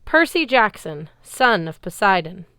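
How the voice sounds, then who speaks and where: A woman's voice: medium pitch, measured pace, no room sound. A woman doing a smug, cold young schemer. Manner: smooth, calm, formal.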